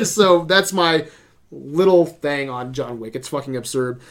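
A man's voice: on the high side, measured pace. A man ranting about movies on a casual podcast, swearing a lot and sounding exasperated. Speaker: podcast host reviewing movies. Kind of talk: casual profane movie rant.

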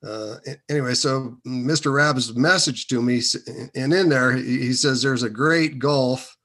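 A man telling a personal story in a hesitant, meandering way, with many pauses and fillers. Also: mid-range voice, sharp tone.

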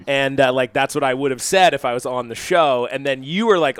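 A man's voice: medium pitch, fairly quick, hardly any pauses, clean tone, no echo. A man from Canada co-hosting a podcast, rambling and sarcastic in a casual chat. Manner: rambling, sarcastic, restarts often. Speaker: podcast co-host.

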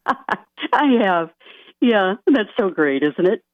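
A soft-spoken, earnest woman answers questions as a guest on a radio show. She comes through a tinny phone line with a dry, close sound. Her pitch sits in an ordinary middle range. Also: sing-song, very slow, dry recording. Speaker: life coach guest.

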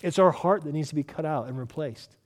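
A male pastor preaching a sermon with emphatic delivery, swinging from loud urgent lines to hushed ones. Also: a little high, brisk, in a large hall.

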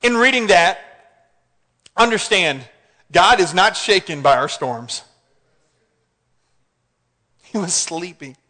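A man preaching a sermon in an animated way, often asking the congregation questions. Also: high voice, slow pace, pauses often. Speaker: pastor. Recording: hall reverb.

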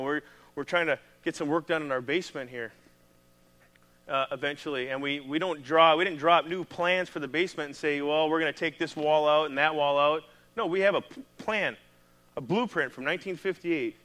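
A man with a Midwestern American accent, a pastor preaching a sermon in a conversational, animated way. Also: on the high side.

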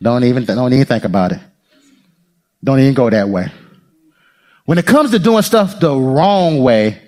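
A man's voice: medium pitch, moderate pace, long pauses. A man preaching a sermon as pastor, calling out to the congregation and acting out voices. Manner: animated preaching, calls to the congregation, acts out voices.

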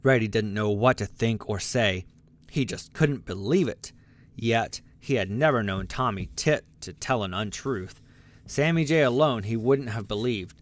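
A man narrating a children's storybook aloud, lively and expressive, giving the animals their own voices. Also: mid-range voice. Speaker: audiobook narrator.

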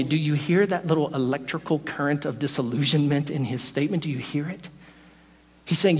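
A man preaching a sermon, telling a story in an animated way and acting out the lines of the people in it. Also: a little high, fairly quick, breathy edge. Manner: storytelling, animated, acts out quotes. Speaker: pastor. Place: church sanctuary. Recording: long hall reverb.

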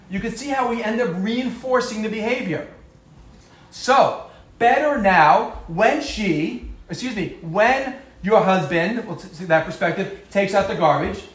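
A man's voice: sits high, slight background noise. A man giving a conversational talk to a live audience, acting out quoted voices and joking about himself. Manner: conversational, acts out quoted voices, self-deprecating humor. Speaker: speaker giving a talk on marriage and parenting. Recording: echoey room.

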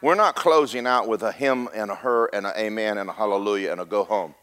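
A middle-aged pastor preaches a sermon, building to a loud, rhythmic peak and slipping in joking asides to the congregation. His voice is lowish and he talks fast.

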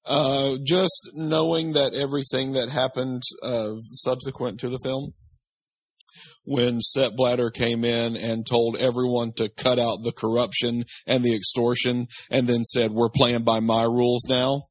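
Husky, blunt man podcast co-host. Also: mid-range voice, little pitch movement, measured pace, dry recording. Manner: blunt, exasperated, swears. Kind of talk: casual chat reviewing a film.

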